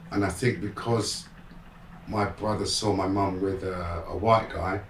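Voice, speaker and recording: An unhurried, deep male voice is captured from a distance in a roomy space against a noisy background. The speaker, a middle-aged guest and motivational speaker, shares his life story frankly and streetwise, turning animated in re-enacted moments.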